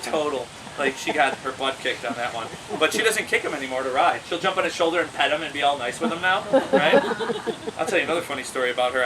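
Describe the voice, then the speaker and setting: A man telling casual stories about his pet monkey, animated, laughing often and acting out the voices of the people he quotes. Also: high voice, recorded from a distance, rough recording. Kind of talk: casual storytelling.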